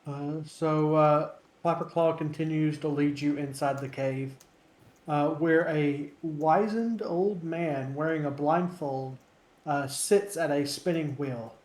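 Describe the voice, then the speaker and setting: A man running a tabletop game as game master, narrating haltingly with many fillers. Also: fairly high pitch, fairly even intonation, a little mellow. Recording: roomy echo.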